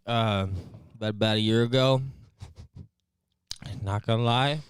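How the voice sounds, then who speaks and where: A man's voice: on the low side, steady tone, unhurried, smooth, no room sound, studio quality. A man co-hosting a casual live-stream chat, telling a story with lots of fillers, restarts and laughs. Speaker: co-host. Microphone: desk mic, headphones.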